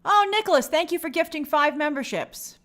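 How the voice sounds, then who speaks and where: A high-pitched woman hosts a casual livestream. She chats upbeat and friendly, reading out viewer comments one after another. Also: lively intonation, brisk, fairly bright tone. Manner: upbeat, chatty, reads viewer comments aloud. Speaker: host reading live chat.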